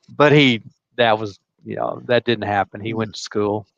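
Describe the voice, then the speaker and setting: A man on a livestream call, telling stories in a halting way with frequent restarts and chuckles. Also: lowish voice, vocal fry, a bit bright, muffled recording, slight background noise. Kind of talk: casual storytelling chat.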